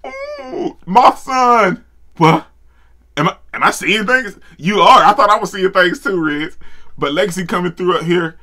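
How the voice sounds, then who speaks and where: A man giving excited reaction commentary on an anime, with loud, slangy exclamations and stammering restarts. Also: sits high, normal speed.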